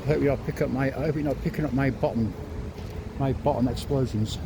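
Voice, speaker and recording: A man in his fifties talks as he walks through city streets, a bit out of breath. His voice sits at an ordinary pitch, and his chat is rambling and sweary. A clip-on mic picks him up, with clear street noise behind him. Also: fast talker. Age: 50s. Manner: chatty, rambling, swears and apologizes. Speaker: travel vlogger. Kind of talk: casual walking vlog. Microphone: clip-on mic to phone.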